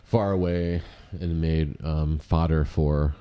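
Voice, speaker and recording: A man's voice: a bass voice, fairly even intonation, slow, dark tone, smooth. A man co-hosting a casual comedy podcast, wry in his banter and wrapping up with show plugs. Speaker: podcast co-host.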